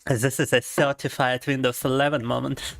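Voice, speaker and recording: This young man's voice is mid-range, level in tone, creaky, and at normal speed. A streamer whose first language is Russian, he rambles in mock-dramatic fashion and switches languages during a casual live stream with faint game music behind him.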